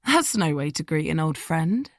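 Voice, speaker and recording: A woman voicing a sly, gloating woman who speaks with smooth mockery. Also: low voice, sing-song, normal speed, no room sound, clean studio sound. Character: sly, gloating woman confronting an old friend.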